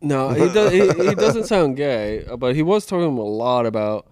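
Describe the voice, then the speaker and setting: A man's voice: mid-range voice, lively intonation, normal speed, darkish tone, no room sound. Young man, casual podcast chat, rambling crude storyteller, dry close sound. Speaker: podcast co-host.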